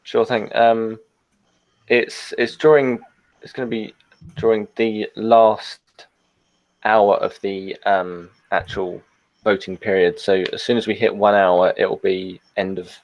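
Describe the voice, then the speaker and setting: A man calmly explaining plans on a group call, pausing with "um". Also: on the low side, highs cut off. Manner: calm, explains with "um" pauses. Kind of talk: casual chat.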